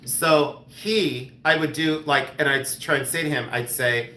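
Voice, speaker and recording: Bright, animated man hosting a live sale. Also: mid-range voice, a little slow, hardly any pauses, roomy sound, slight background noise. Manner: animated, joking, teasing. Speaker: host of a live jewelry sale. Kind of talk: casual live-stream chat.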